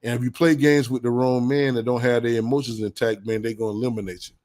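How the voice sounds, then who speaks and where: Man, mid pitch, blunt preachy vlogger who repeats his points. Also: flat delivery, quick pace, darkish tone. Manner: blunt, preachy, heavy slang, repeats insults with bursts of laughter. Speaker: commentary vlogger. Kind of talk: casual advice monologue.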